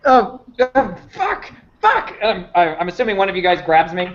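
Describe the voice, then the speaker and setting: A man playing a tabletop game, excitable and stammering as he describes his character. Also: high-pitched, fairly quick. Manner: excitable, stammering, yelps when worked up. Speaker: player. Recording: dull lo-fi recording, faint noise.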